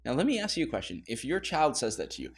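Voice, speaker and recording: A man's voice: medium pitch, huge pitch swings, fast talker, breathy edge. A man pastor leading a casual Bible study, talking conversationally with laughing asides.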